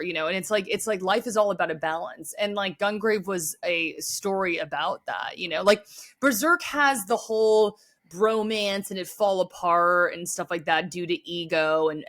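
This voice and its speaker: A woman's voice: lowish voice, a bit bright. A woman guest on a podcast, talking casually and earnestly with lots of "like" fillers, openly sensitive. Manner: earnest, heavy use of "like" fillers; sensitive, emotionally open. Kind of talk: casual chat.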